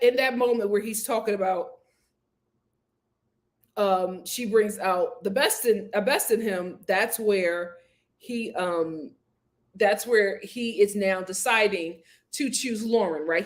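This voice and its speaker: A woman hosting a casual review show, talking straight to viewers in a candid, opinionated, animated way. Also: a little slow. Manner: animated and expressive, acts out quotes with big pitch jumps. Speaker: host reviewing a reality show. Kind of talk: casual chat.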